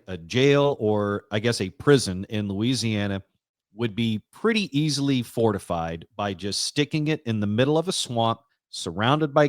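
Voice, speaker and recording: A man's voice: mid-range voice, dry recording, studio quality. A man co-hosting a casual podcast, reading news items aloud and laughing often. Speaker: podcast co-host.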